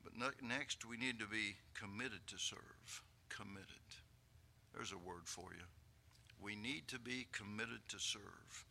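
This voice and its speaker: Fervent older preacher with a bright voice. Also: male voice, lowish voice, a little slow, creaky. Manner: rising to fervent, loud peaks, with chuckles and asides to the congregation. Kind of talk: sermon.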